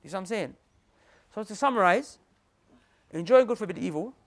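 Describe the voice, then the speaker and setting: Speaking in a quick, restless flow, a young Muslim preacher gives a lively motivational talk to a room of listeners. His pitch jumps up and down as he repeats points, slips in street slang, and turns to the audience again and again, animated throughout.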